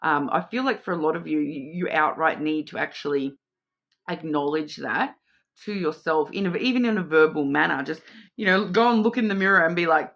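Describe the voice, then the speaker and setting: A woman's voice: sits low, moderate pace, vocal fry, a bit bright. A woman giving a casual intuitive card reading, chatty and rambling, often repeating her words. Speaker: tarot and oracle card reader.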